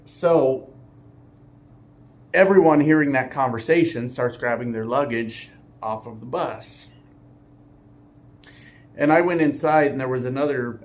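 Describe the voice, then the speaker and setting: A man who drives trucks for a living, telling a story casually, often laughing and swearing lightly. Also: mid-range voice.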